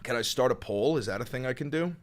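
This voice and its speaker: A man's voice: medium pitch, expressive, fast. A young man hosting a live stream, ranting at his chat in a profane, taunting, combative way. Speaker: streamer, channel host. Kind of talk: live-stream political rant.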